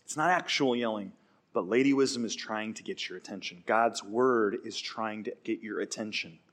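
A man in a young adult age range preaching a sermon with animated delivery, acting out quoted voices now and then. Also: fairly low pitch, moderate pace. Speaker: pastor.

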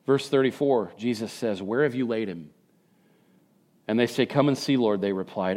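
A male pastor preaching a sermon in a conversational way, swinging between hushed reflection and emphatic questions. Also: medium pitch, moderate pace.

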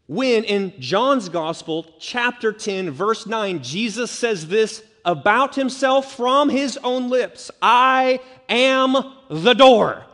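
A man's voice: sits high, expressive, takes it slowly, few pauses, fairly bright tone. A male pastor preaching an expository sermon, stressing key words by repeating them. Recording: long reverb of a large hall.

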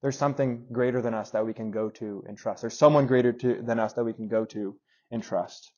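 Animated young man preaching a story-driven sermon. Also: medium pitch, brisk, dull audio. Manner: storytelling, animated and conversational, talks to audience members.

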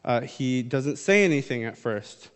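A man's voice: medium pitch, lively intonation, unhurried, clear, resonant tone. A man preaching a sermon in a casual, conversational way, reading scripture aloud and then explaining it. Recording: long hall reverb.

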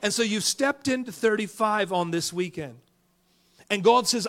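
High-pitched guy preaching, goes from yelling to whispering, acts out little stories. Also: normal speed. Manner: dynamic, swings from loud shouts to hushed whispers; tells jokes and acts out characters in stories. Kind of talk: sermon.

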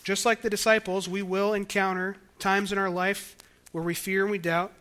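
Young male pastor, high bright voice, casual sermon delivery. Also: level tone, moderate pace. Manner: conversational, acts out quoted voices.

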